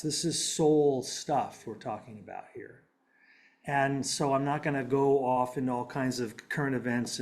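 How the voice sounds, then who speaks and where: A middle-aged man lecturing to an audience in an easy, conversational way. He pauses on fillers and restarts his phrases. His voice sits at an ordinary pitch for a man. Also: darkish tone. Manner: conversational, self-deprecating, with frequent fillers and restarts. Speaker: philosophy lecturer. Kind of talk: public talk with slides.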